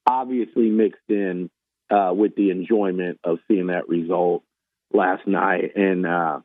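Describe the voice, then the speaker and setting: A man's voice: low-pitched, fairly even intonation, takes it slowly, no room sound. Man talking baseball over a tinny phone line. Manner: rambling, repeats and restarts himself. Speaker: baseball analyst. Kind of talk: casual sports talk.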